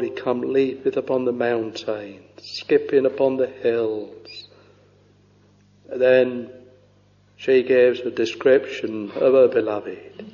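A man preaching a sermon, reading scripture in a slow, halting way with many pauses and fillers, dropping to a hushed voice on quoted verses. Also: mid-range voice, vocal fry. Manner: slow, halting delivery with frequent uh and you know. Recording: dull lo-fi recording with long hall reverb.

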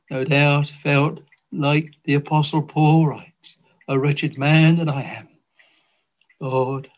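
A man leading a congregation in a long extemporaneous prayer, fervent and old-fashioned in his phrasing. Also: medium pitch. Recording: dull lo-fi old recording.

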